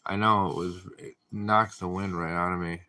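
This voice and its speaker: A man hosting a casual livestream, reading viewer comments aloud and answering them in a deadpan, drowsy way. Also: deep voice, moderate pace. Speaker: livestream host.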